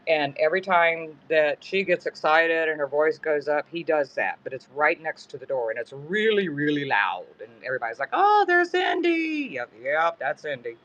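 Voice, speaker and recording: This middle-aged man, hosting a live-stream auction at his home in the woods, speaks in a casual, rambling way and keeps correcting himself. His voice is on the high side and a bit bright, moving at normal speed with hardly any pauses. The recording is a dull lo-fi phone stream with faint background noise.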